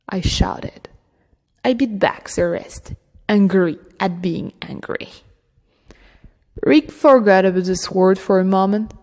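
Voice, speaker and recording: A woman narrating an audiobook in a slow, deliberate way. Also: medium pitch, darkish tone. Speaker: audiobook reader. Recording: reverberant room.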